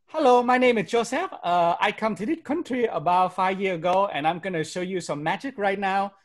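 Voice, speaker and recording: A man's voice: sits high, fairly quick, pitched above the performer's own voice, natural voice. A man voicing a put-on stage persona of a newly arrived male magician speaking overplayed broken English. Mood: hammy. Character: hammy fresh-off-the-boat male magician persona.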